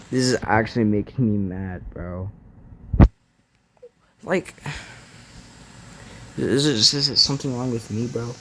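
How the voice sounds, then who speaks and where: A man's voice: medium pitch, a little slow, long pauses, a bit bright. A young man rambling in a casual, filler-heavy rant, often frustrated and saying bro, through a muffled mic. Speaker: gaming YouTuber. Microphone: muffled mic blocked by device case. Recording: muffled audio with faint background noise.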